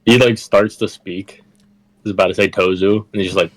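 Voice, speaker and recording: A man's voice: fairly low pitch, steady tone, a little fast, rough recording. A man in a tabletop game, talking casually and hesitantly with a lot of "like". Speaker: player. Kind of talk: tabletop role-play.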